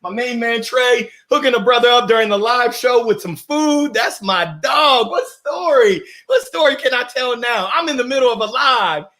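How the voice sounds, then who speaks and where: Exuberant high-voiced man hosting live. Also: animated, normal speed, hardly any pauses, pushed and bright. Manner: exuberant, laughs often, greets viewers by name. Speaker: host of a live motivational stream. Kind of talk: lively live-stream chat reading comments.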